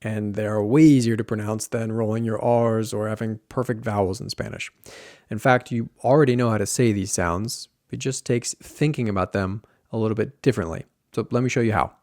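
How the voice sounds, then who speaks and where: Male pronunciation coach, low voice, dry close mic, patient demonstrating delivery. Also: a little mellow, no room sound. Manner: slow, demonstrating sounds carefully. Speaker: pronunciation teacher. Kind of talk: instructional video lesson.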